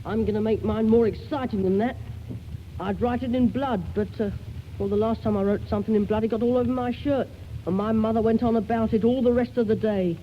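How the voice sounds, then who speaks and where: A man's voice: sits high, steady tone, brisk, close to an everyday voice. A man playing a scheming, boastful young schoolboy with eager, slangy speech in an old radio play. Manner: eager, plucky and full of boyish slang. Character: scruffy, boastful schoolboy, eleven-ish, always scheming. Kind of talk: 1940s radio acting. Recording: muffled old radio recording with faint hiss.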